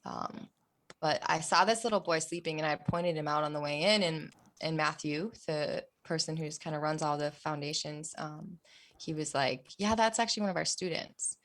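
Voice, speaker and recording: This young adult woman talks in a slightly low voice as a podcast guest. She tells her story earnestly and with feeling, often drifting into soft, near-whispered phrases. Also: normal speed. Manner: earnest, emotional, softens to near-whispers at hard moments. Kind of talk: personal storytelling.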